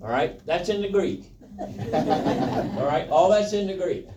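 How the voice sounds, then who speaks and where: A man's voice: high-pitched, animated, takes it slowly, noisy background. A man preaching a Bible lesson, with a folksy, joking manner, asking the congregation questions. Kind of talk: sermon, Bible teaching. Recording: roomy, from a distance.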